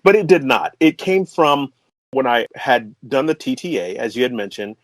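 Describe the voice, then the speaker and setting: Brief: middle-aged Midwestern-raised man, eager storyteller, lively swooping pitch, dry studio sound. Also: normal speed, no room sound. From American Midwest. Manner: excitable, laughs often, jumps to high pitch when excited. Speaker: interview guest, composer and voice artist. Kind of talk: animated storytelling in conversation.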